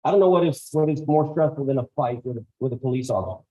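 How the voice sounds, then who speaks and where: A male guest speaker addresses school staff in a school auditorium, telling stories animatedly and acting out the voices of the people in them. He speaks at a quick pace in a mid-range voice, and the recording is muffled.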